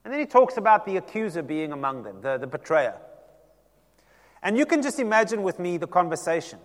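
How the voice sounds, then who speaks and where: A male pastor preaching a sermon, telling the story with lively acted-out dialogue. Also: high-pitched, fairly quick, long reverb tail. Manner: animated storytelling, acting out quoted voices.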